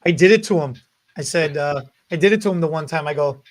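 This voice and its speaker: A man co-hosting a salon industry podcast, telling animated stories in casual chat. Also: on the high side, quick pace. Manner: animated storyteller, laughs often. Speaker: podcast co-host.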